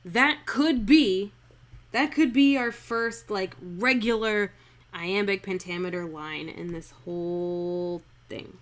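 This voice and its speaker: An unhurried woman talks through a verse speech like a casual live-stream acting lesson. Her pitch sits in an ordinary middle range, and she stretches lines out word by word to feel the meter, with a chatty, irreverent edge. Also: a bit bright. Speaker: acting coach streaming a script analysis.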